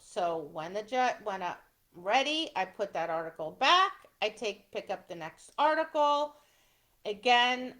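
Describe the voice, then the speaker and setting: A woman's voice: on the high side, a bit bright. A middle-aged woman explaining dog obedience trial steps in a conversational teaching style, often checking in with "right?". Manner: conversational, tags points with "right?". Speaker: dog sports instructor. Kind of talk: instructional talk.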